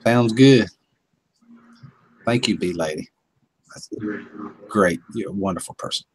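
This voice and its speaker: A man's voice: on the low side, measured pace, slight background noise. A man hosting a casual home livestream, chuckling often and greeting chat viewers by name. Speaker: livestream host.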